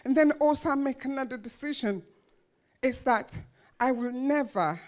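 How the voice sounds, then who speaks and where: A woman giving a motivational speech to an audience, telling her life story with emphatic, dramatic pauses and repeated phrases. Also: high voice, a little mellow. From grew up in a children's home. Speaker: motivational speaker.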